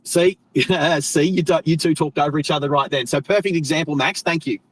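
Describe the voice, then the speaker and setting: Australian male streamer, middle-aged, rambly casual chatter, voice sits a little high. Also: a little fast, a little hiss or hum, low-quality recording. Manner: rambling, chatty, self-correcting, friendly slang. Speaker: live stream host. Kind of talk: casual live stream chat while driving.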